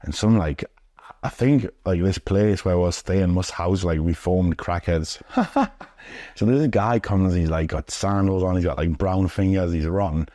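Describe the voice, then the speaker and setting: A man's voice: low voice, unhurried, warm tone, no echo, studio quality. A young man from the UK, a pro wrestler telling stories in a rambling, sweary, filler-heavy way in a sit-down interview. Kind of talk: casual storytelling.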